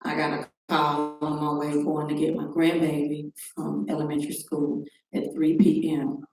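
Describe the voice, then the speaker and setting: A woman's voice: low voice, completely flat delivery, normal speed. A middle-aged woman giving a personal account as a talk show guest, acting out the phone calls she describes. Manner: recounts events by acting out quoted phone calls. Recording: very echoey room, distant mic, faint noise.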